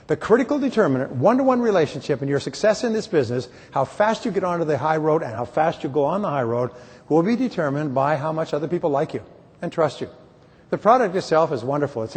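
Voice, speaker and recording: A man's voice: a little high, a little mellow, slightly rough. A middle-aged man giving a motivational conference speech, emphatic and repetitive, with joking stories. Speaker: motivational speaker. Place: large conference hall. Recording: reverberant hall, from far off.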